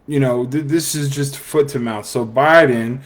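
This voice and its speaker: A man's voice: medium pitch, a little slow. Opinionated man ranting on a podcast. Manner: sarcastic, opinionated, many fillers. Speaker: podcast host. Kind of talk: casual opinion monologue. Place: live stream broadcast.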